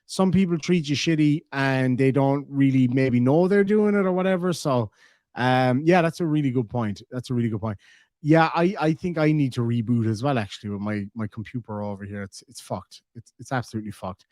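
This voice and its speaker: An Irish man chatting casually on a live stream, reading out viewer messages in a rambling, excitable way that is full of swearing and restarts. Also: medium pitch, fairly quick, no room sound, studio quality. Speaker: livestreamer reading viewer donations.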